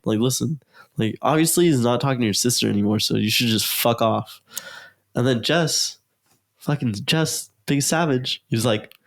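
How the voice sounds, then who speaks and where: A young man in casual podcast talk, telling a long story full of fillers and acted-out quotes. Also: medium pitch. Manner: rambling, filler-heavy, acts out quotes. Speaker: guest.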